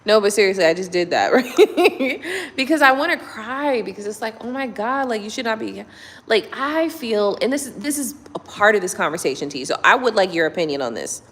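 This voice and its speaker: Woman, casual live chat, blunt and profane, lively swinging pitch, long hall reverb. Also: brisk. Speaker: tarot reader. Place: indoors at home at night.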